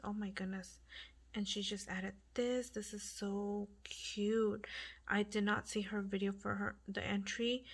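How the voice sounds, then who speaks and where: A woman hosting a home crafting channel, speaking in a hushed half-whisper and gushing with lots of fillers. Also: medium pitch. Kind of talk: casual crafting vlog. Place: home at night.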